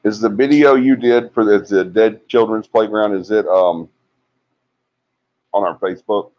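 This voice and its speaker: A man hosts a casual livestream, chatting and teasing as he reads out viewer comments. His voice sits low and deep, and the audio is a little muffled, like a lo-fi stream. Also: measured pace, darkish tone. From Alabama. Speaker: livestream host. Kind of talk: casual live chat reading comments.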